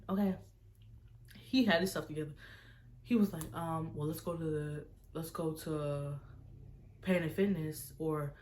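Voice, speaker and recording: A young woman with a slightly low-pitched voice tells a story to her camera. She talks casually, scatters "like" through her sentences and slips into other people's lines as she retells the conversation. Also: a little mellow, a little hiss or hum. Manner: casual, fills speech with "like", retells dialogue in quoted voices. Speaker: vlogger.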